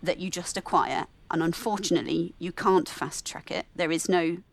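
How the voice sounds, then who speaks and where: A woman with a softened English Midlands accent, a nurse talking candidly and reflectively as a podcast guest, often correcting herself mid-sentence. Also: fairly low pitch, moderate pace, gravelly. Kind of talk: relaxed podcast conversation.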